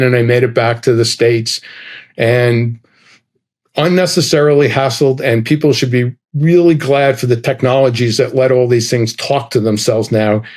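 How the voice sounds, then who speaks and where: Middle-aged male storyteller, casual and animated, plays out the dialogue. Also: medium pitch. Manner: animated, acts out dialogue with quoted voices. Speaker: guest storyteller. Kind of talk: casual anecdote telling.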